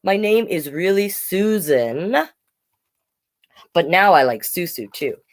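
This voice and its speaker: Lively woman reading a children's story. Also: fairly low pitch, takes it slowly. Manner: animated, chatty asides to viewers. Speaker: storytime reader. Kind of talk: reading picture books aloud to children.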